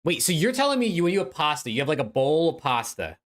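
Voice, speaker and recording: A young man hosting a live podcast stream, bantering casually, incredulous and animated, swearing freely. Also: a little high, fast talker. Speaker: podcast host.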